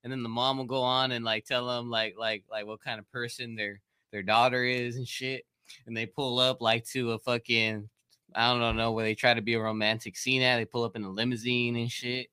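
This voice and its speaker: Bright-voiced slangy storytelling guy. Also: medium pitch, fairly quick, smooth, no echo. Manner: animated storytelling, profane slang, repeated "like". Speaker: podcast guest. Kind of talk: casual chat.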